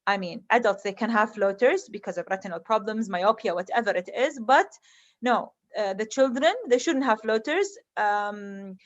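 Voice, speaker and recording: A woman's voice: mid-range voice, muffled recording. Earnest woman with an Arabic accent. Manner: halting, many ums, earnest. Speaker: eye doctor lecturing. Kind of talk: lecture.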